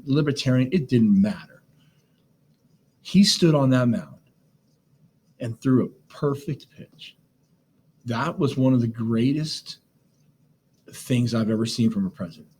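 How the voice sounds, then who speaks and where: A man's voice: mid-range voice, darkish tone, slight background noise. A man teaching a government lesson in a conversational way, with plenty of fillers and side remarks. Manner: conversational, lots of fillers, asides. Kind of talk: recorded class lecture on government notes.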